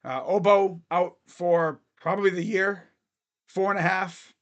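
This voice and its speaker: Guy with a pretty high voice rambling through a fan livestream, chatty and loose. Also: steady tone, a little slow, dull audio. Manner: rambling, loose, talks to chat. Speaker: sports fan livestream host. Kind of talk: casual livestream chat.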